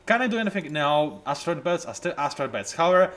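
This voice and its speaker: Commentating casually over a strategy game, the let's play host talks fast in a slightly high voice. He stays animated and self-deprecating, with occasional bursts of excitement.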